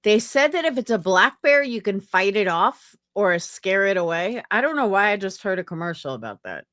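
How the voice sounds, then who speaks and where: A woman streamer talks back at a clip in casual, blunt commentary, swearing without a pause. Her voice swings lively up and down in pitch. The sound is dry and close to the mic. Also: no echo. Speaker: streamer reacting to clips.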